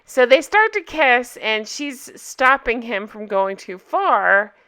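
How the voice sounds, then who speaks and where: A young woman recapping a TV episode in a casual, chatty vlog, enthusiastic and quoting lines in lively voices. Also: a little high, slow, clear, resonant tone.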